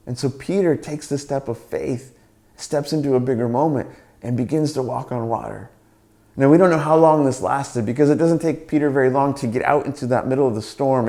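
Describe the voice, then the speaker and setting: Male pastor, mellow low-lit tone, animated storyteller, plays the characters' lines himself. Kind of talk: sermon. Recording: roomy church sound.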